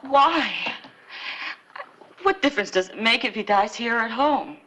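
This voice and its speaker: An actress playing the sister of a dying young outlaw, pleading and defiant in a 1950s TV western. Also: female voice, a little high, lively intonation, measured pace, bright, forceful tone, slight background noise.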